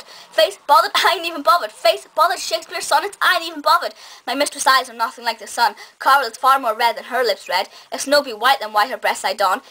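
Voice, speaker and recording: A woman's voice: on the high side, sharp tone. A woman voicing a mouthy teenage schoolgirl who chants mock-Shakespearean lines in a brash, repetitive sing-song. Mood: reciting.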